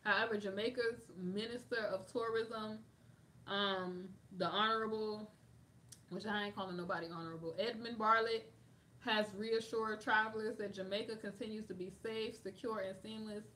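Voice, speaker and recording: A woman from the United States, reading news aloud and commenting on it in a sassy, animated way. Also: medium pitch, moderate pace. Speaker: vlogger reacting to news.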